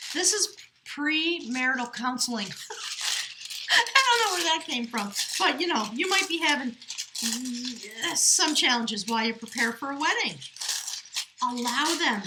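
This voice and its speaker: A woman's voice: fairly high pitch, background noise. A middle-aged woman giving a chatty, enthusiastic tarot reading, now and then reading aloud from a book. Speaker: tarot reader. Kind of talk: casual spoken tarot reading.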